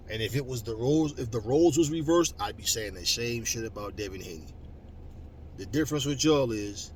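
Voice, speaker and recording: A man hosting a boxing channel, ranting at viewers, loud and mocking, swearing constantly. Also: mid-range voice. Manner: loud, mocking, heavy cursing. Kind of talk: profane rant to viewers. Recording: slightly distant mic with faint background noise.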